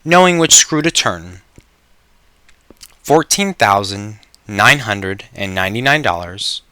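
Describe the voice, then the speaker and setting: Man doing a smug, deadpan repairman. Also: lowish voice, slow, clear, resonant tone, no echo, pitched below the performer's own voice, exaggerated voice. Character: unflappable male repair technician, dry and smug.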